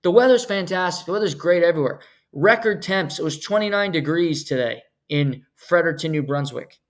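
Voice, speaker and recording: A man's voice: on the high side, animated, fairly quick. A man hosting a solo sports podcast, talking bluntly and sarcastically, ranting with sudden emphatic jumps. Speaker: podcast host.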